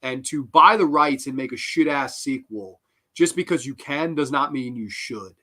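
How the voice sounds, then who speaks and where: Bright, fired-up male horror host ranting. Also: mid-range voice, moderate pace. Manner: profane, heated, rambling, with bursts of laughter. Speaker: horror film podcast host. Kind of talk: angry film review rant.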